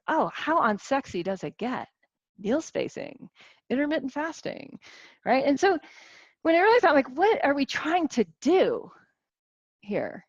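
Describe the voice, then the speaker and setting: A woman in her forties giving a casual teaching talk to a group as a wellness coach, animated, with many restarts and rhetorical questions. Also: medium pitch, no echo, highs cut off. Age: 40s.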